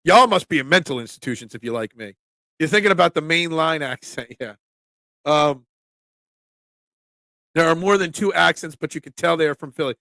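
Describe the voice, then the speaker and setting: A man with a Philly accent hosts a casual sports talk show, joking with his chat between points. His voice is on the high side with a rough, gravelly texture. The sound is dry and close, with no room echo. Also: expressive, moderate pace, long pauses, pushed and bright. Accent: Philadelphia. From Philadelphia. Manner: chatty, joking with chat, frequent ums.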